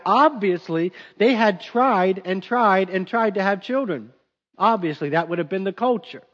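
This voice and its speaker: A man's voice: high voice, expressive, a little slow. A male pastor preaching a sermon in an emphatic, conversational way, recorded dull with long hall reverb.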